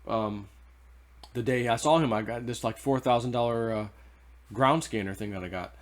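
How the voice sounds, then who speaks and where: A man of middle pitch tells a personal story in a loose, rambling way. He restarts sentences and drifts into asides as he goes. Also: moderate pace. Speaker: vlogger. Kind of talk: casual storytelling.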